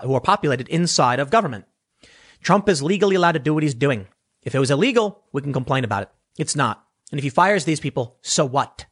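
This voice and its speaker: Animated, blunt male political commentator. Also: on the high side, husky. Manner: blunt, sarcastic, corrects himself often. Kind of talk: opinionated commentary reading news clippings.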